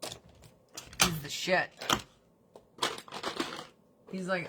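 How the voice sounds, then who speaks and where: A bright, forceful woman hosts a livestream, talking casually. She is animated and swears freely, rushing some phrases and dragging others out slowly. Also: mid-range voice, a little hiss or hum. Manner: animated, breaks into mocking put-on voices; swears casually, talks fast then drags words out. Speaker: livestream host.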